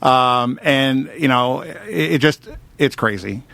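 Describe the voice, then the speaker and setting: A man's voice: mid-range voice, takes it slowly, gravelly, sharp tone. A man guesting on a talk radio show, talking in a rambling, upbeat way with lots of fillers about improv and puppets. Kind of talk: casual radio interview.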